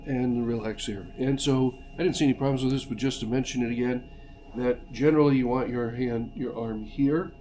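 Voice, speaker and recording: A man's voice: medium pitch, a little mellow. A man teaching congregational song leading, patiently coaching and counting beats aloud. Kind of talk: instructional lesson. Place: church.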